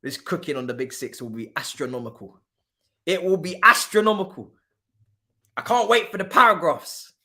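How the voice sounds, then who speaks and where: A young man hosting a football watchalong live stream, mocking a rival club in casual banter that jumps between low mutters and loud outbursts. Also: expressive, normal speed. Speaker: livestream football watchalong host.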